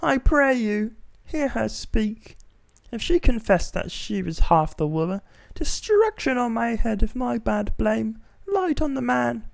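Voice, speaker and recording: A man's voice: very high-pitched, big pitch swings, takes it slowly, creaky, hardly any pauses, dry recording, voice pushed up, exaggerated voice. A man voicing a stern, proud old aristocratic father in a comic script reading, imperious and drawn out.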